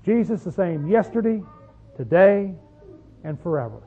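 Man, pastor, folksy sermon, high voice, tinny phone-like sound. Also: sing-song, normal speed. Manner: folksy and conversational, asking the congregation questions.

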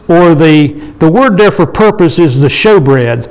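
A man leading a Bible study sermon in a conversational way, slowing down to read scripture and often asking his listeners for agreement. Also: fairly high pitch, lively intonation, poor audio. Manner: conversational, asks the room for agreement; slows down to read scripture aloud. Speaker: preacher.

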